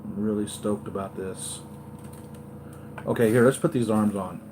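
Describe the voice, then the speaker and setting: A man hosting a live toy unboxing, gushing and excitable, often repeating himself. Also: on the low side, unhurried, background noise. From United States. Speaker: toy collector vlogger.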